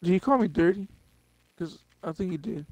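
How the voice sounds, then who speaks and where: A man's voice: high-pitched, animated, normal speed, dry recording, low-quality recording. Laid-back young male streamer. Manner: laid-back, laughing, swears casually. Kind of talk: casual stream chat.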